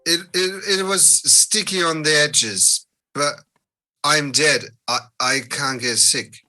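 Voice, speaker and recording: Give me a man playing a stammering drunken vampire, slow and offhand, with a bright tone. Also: on the high side, fairly even intonation, faint music behind, heavily acted. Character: dazed, drunken male vampire, shrugging off danger. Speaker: tabletop game player.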